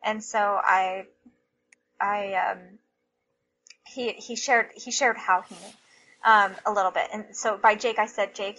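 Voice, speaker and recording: A woman, a mother, telling a personal story in an interview, animated and repeating herself, often laughing. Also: mid-range voice, lo-fi sound, a little hiss or hum.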